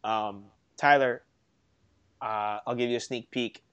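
A young man co-hosting a casual sports podcast, telling stories in an animated, self-mocking way. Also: medium pitch, slow, smooth. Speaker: podcast co-host.

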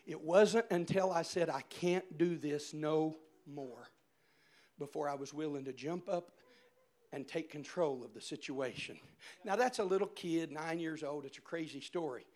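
A male preacher giving a sermon, telling a story with shouted, animated swings. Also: on the high side, normal speed.

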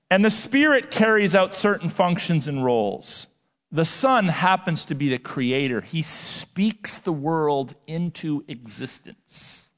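A man preaching a sermon as a pastor, talking in a lively, conversational way and asking the audience questions. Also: high voice. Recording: long hall reverb.

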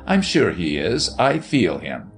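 A man voicing a dreamy little girl who speaks softly and with quiet certainty. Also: low-pitched, huge pitch swings, slow, faint music behind, full character voice. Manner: dreamy, hushed.

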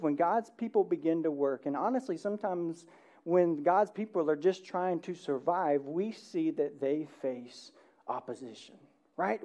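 A man's voice: high-pitched, mellow, highs cut off. A man preaching a sermon as a pastor, talking in a conversational way and often checking in with "right?". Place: church.

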